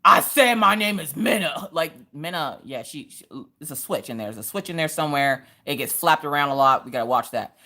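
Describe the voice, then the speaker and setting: A woman hosting a casual crafting livestream, telling family stories in a lively, animated way. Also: extremely low pitch, a little fast. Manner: lively storytelling, acting out family voices. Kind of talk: casual chat while crafting.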